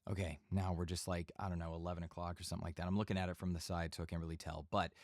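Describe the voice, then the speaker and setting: Man, deep low voice, relaxed conversational teaching, dry close studio mic, home studio tutorial. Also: rapid-fire, no room sound. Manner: relaxed conversational teaching, occasional bursts of yelling demos. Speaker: voice-over instructor. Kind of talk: casual tutorial explanation. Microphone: studio microphone.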